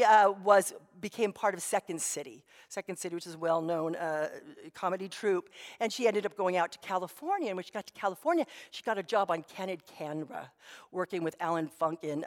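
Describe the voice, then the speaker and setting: A woman pastor tells stories in a relaxed, chatty sermon. She speaks at an ordinary pitch for a woman, neither high nor low. Her voice carries a long reverb from the church hall around her. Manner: storytelling, conversational with many asides.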